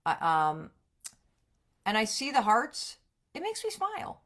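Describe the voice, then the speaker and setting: A woman giving an energetic motivational talk on a live stream, emphatic and profane, with big jumps in pitch and loudness. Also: measured pace. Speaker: motivational speaker.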